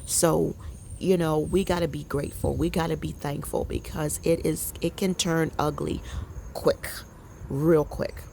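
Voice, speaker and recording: A woman's voice: deep voice, steady tone, measured pace, vocal fry, darkish tone, a little hiss or hum. A woman in her fifties chatting candidly and rambling to her viewers on an outdoor deck. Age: 50s. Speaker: vlogger. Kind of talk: casual personal chat to viewers.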